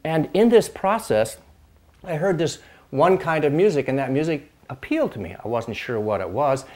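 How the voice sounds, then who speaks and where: An older man from the Pacific Northwest of the United States, a host and dulcimer player, reminisces about his early music years in a casual monologue. His fairly high, darkish voice is expressive at a normal speed, rambling with fillers and restarts as he pauses to strum and demonstrate chords.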